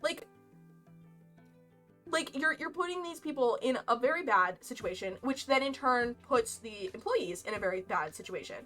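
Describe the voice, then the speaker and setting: A woman's voice: a little high, animated, moderate pace, fairly bright tone, distant mic. A young woman streamer telling a casual story, chatty and rambling with frequent laughs. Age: young adult. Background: lo-fi game music.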